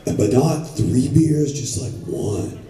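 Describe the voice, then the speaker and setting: A man's voice: medium pitch, lively intonation, takes it slowly, warm tone, echoey room, recorded from a distance, voice pushed up. A man putting on the voice of a laid-back, pushy male ad agency creative who drawls like a surfer dude.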